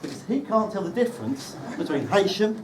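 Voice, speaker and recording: A man delivers a joking wedding speech about the groom, lively in pitch and dry in his timing. He is picked up from a distance at the reception, with loud room noise behind him. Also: fairly quick. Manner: dry, teasing storytelling with comic timing.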